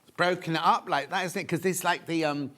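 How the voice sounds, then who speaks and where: A man hosting a live TV shopping show, chatty and excitable, with lots of asides. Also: a little high, fast. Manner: chatty and excitable, full of asides and sales counts. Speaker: shopping channel presenter. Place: TV studio.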